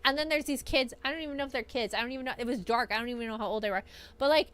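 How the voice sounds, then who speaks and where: A young adult woman streamer telling a story in casual chat, excitable, filling her talk with "like" and swinging between loud bursts and mumbled asides. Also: on the high side, very fast, clear, resonant tone. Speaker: streamer recapping an event.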